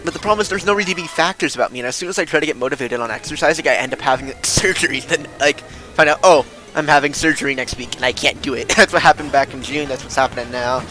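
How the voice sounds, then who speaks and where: Brief: young male streamer, bright tone, meandering self-deprecating chatter that turns ranty, light game music under. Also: on the high side, quick pace, poor audio. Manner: rambling, self-deprecating, gets worked up and loud when ranting. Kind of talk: casual gameplay stream chatter.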